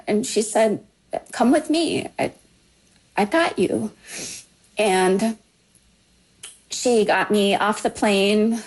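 A middle-aged woman slowly telling a personal story in a halting, heartfelt way. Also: fairly high pitch, darkish tone, poor audio. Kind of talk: personal story told to a podcast.

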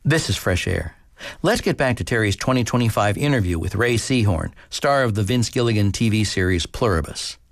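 A man reading scripted radio announcements in a measured, formal way. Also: fairly low pitch, expressive, gravelly, no room sound, soft background music.

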